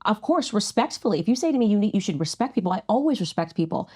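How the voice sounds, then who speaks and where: A woman debating on a podcast in a firm, insistent tone. Her voice sits at a middle pitch. She repeats her points to press them home. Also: lively intonation, fast, mellow, slightly rough. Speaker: podcast guest. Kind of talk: heated debate.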